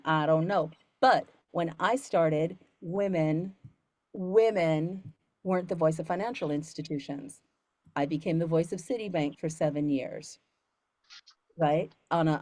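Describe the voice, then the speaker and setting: An earnest woman voiceover coach answers student questions in a loose, rambling way, full of ums and restarts. Her voice sits fairly low, and it is recorded close and dry with no room sound. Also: measured pace, a little mellow, dry recording. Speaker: voiceover coach and studio founder. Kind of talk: casual Q&A talk to students.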